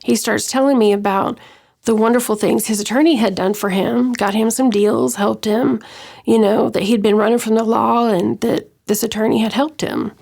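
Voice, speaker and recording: A middle-aged woman from West Texas recounting her own story in an interview, hesitant with many pauses and restarts. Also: a little high, steady tone, creaky, a little mellow. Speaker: interview guest. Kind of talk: personal account in an interview.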